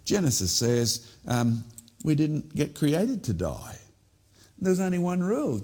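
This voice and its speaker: A man's voice: on the high side, huge pitch swings, a little slow, mellow, slightly rough. A man presenting a teaching talk in an informal storytelling manner, often putting questions to the viewer. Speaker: creationist presenter.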